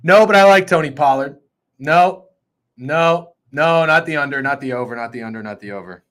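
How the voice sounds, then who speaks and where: Excitable, foul-mouthed man hosting a betting show. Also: on the high side, normal speed. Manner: excitable, profane and rambling. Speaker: sports betting show host. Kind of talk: casual sports betting chat.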